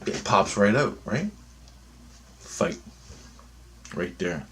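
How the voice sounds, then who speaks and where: A man's voice: fairly low pitch, big pitch swings, extremely slow, pauses often, slight background noise. A man in his fifties talking in a rambling monologue, blunt and full of profanity. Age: 50s. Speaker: vlogger.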